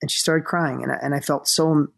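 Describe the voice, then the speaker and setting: A man speaking as a motivational guest in a conversation, telling stories with energy and emphasis and slowing down for the emotional moments. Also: fairly high pitch, fairly even intonation, gravelly, fairly bright tone. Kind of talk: storytelling in a conversation.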